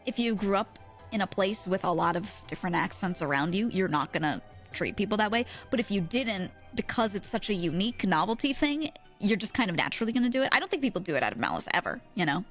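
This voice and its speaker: A woman's voice: mid-range voice, big pitch swings, fast talker, fairly bright tone, faint music behind. A young woman, chatting casually with her stream audience and laughing often. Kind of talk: casual stream chat, reading chat messages.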